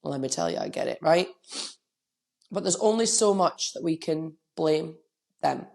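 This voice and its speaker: A woman's voice: lowish voice, lively intonation, normal speed, vocal fry, a little mellow. A middle-aged woman with a cold, hosting a solo podcast as a coach and speaking candidly and emotionally into a microphone. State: has a cold, coughing.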